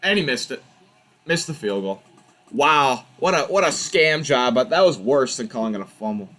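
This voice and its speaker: A young man hosts a football watch party, talking at medium pitch and a moderate pace. He keeps up loose live commentary and rails animatedly at the refs in exasperation.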